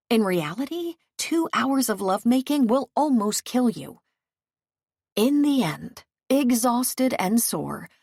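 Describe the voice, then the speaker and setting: A woman reading a first-person audiobook, frank and measured in her telling. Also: medium pitch, darkish tone, dry recording, clean studio sound. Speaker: audiobook narrator.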